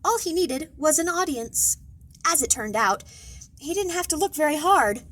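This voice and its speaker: Brief: high, animated woman librarian, playful picture-book read-aloud. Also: normal speed, rough recording. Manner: expressive, playful storytelling. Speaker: children's librarian. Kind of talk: children's storytime read-aloud.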